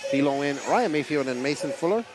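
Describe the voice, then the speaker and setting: A man co-commentating a race live, briskly reading out the start lists. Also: fairly high pitch, animated, music in the background. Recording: clear background noise.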